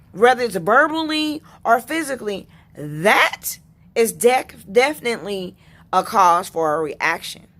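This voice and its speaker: A woman vlogger telling a personal story in an indignant, unhurried way, with pauses and restarts. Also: a little high, bright, forceful tone.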